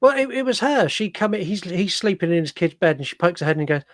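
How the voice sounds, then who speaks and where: An animated man with a fairly high voice, chatting through a film review and acting out scenes with a laugh. The sound is dry and close, with no room around it. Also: fast talker, dry recording. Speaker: podcast co-host. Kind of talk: casual film review chat.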